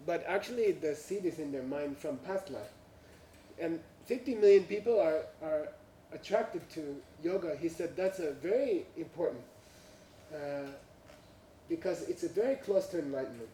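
Guy telling a story in non-native english, kinda high voice, echoey room, mic a ways off. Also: expressive, normal speed, dark tone, slight background noise. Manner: chuckles through punchlines, with frequent "you know" and "uh". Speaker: speaker telling a story to an audience. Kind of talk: anecdotal storytelling talk. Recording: roomy, from a distance.

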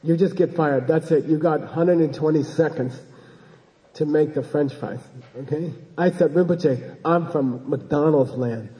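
A man's voice: a little high, steady tone, normal speed, dark tone, in a large hall, low-quality recording. A man giving an informal dharma talk as a Buddhist teacher, rambling and joking and often checking in with his listeners.

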